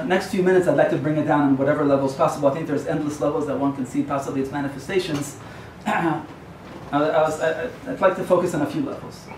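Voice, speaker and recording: A man's voice: on the high side, steady tone, fast talker. A man, a rabbi, giving a sermon in a digressive, joking storyteller's way, recorded in an echoey hall from far off. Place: yeshiva lecture hall. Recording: echoey hall, far from the mic, faint hum.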